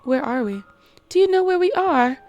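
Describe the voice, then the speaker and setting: Rich: a woman playing a prim, bewildered young girl from a game, apologizing politely as she asks her questions. The voice is high and lilting, rising and falling widely. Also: expressive, normal speed, a little mellow, dry recording, dull audio, faint music behind. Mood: confused.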